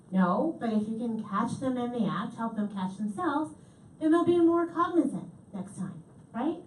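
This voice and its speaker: A woman giving a comedic keynote talk, lively and animated, repeating audience answers back to them. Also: fairly high pitch. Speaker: keynote speaker. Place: large hall. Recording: echoey hall from far off, faint noise.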